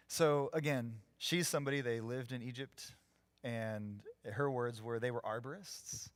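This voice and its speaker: Man, pastor, storytelling sermon, lively, acts out quotes, dry close mic. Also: mid-range voice, moderate pace, dry recording. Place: church sanctuary, live.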